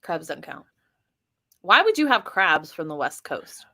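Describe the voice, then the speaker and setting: Midwest woman cohosting a podcast, bright lively voice, teasing and laughing. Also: deep voice, creaky. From US Midwest, grew up with a rural accent. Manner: teasing, quick comebacks, laughs a lot. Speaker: podcast co-host. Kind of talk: casual chat.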